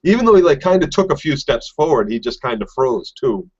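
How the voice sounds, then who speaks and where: A man's voice: medium pitch, very animated, a little fast, husky, muffled recording. A man co-hosting a casual recap podcast, chatty and jokey, chiming in with comments. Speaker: podcast co-host.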